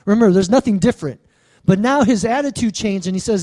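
A man's voice: sits high, quick pace, mellow. A man in his thirties preaching a sermon, with call-and-response asides to the congregation. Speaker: pastor.

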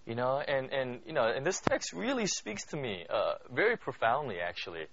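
A man's voice: medium pitch, big pitch swings, normal speed, vocal fry, background noise. A man giving a conversational Bible study sermon, asking listeners questions and filling his talk with "you know" and "right?". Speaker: Bible teacher. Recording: dull lo-fi dry recording.

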